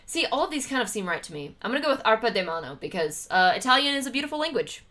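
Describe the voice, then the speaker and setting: A woman streamer talks her way through trivia questions in a casual livestream chat, laughing often and greeting her viewers. Her fairly high voice swoops and bounces with lots of expression. Her tone is bright and sharp. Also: very animated, rapid-fire.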